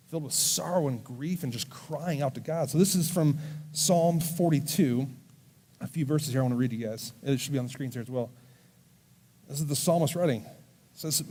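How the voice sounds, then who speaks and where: A male youth pastor with a mellow, warm voice preaching to students in a church service. His delivery is earnest and gentle, and he slows down when he reads scripture. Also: on the high side, breathy edge. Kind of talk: sermon to a student audience.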